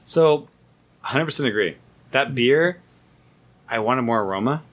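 Laughing, animated brewer. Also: male voice, medium pitch, a little slow. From United States. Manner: animated storyteller, laughs often. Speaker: brewer, guest. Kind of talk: casual podcast chat.

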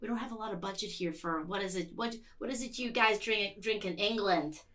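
Brisk female TV commissioner, a woman doing the voice, put-on accent, bright tone, mock-formal. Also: medium pitch, close to an everyday voice. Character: brisk female TV commissioner taking a pitch meeting.

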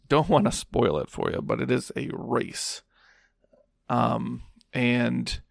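A man's voice: medium pitch, gravelly, no room sound, clean studio sound. A man hosting a podcast alone, recapping a film scene in a rambling, casual way with lots of fillers. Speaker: podcast host.

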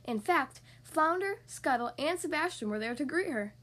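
A woman hosting a podcast and reading a picture book aloud for young children, with expressive storytelling. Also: sits high, normal speed. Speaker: podcast host and reader.

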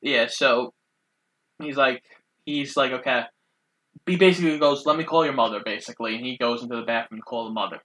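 Man, casual movie recap, scene-by-scene retelling, bright sharp voice. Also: medium pitch, fairly quick, poor audio.

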